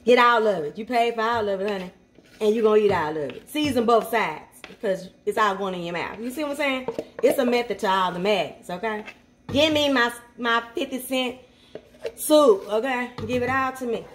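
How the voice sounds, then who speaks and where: A woman's voice: on the high side, animated, moderate pace, slight background noise. Sassy woman chatting over a skillet. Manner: chatty, playful, sassy asides, talks to the food. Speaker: cooking channel host. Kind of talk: casual cooking tutorial. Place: home kitchen at the stove. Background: food sizzling in a skillet.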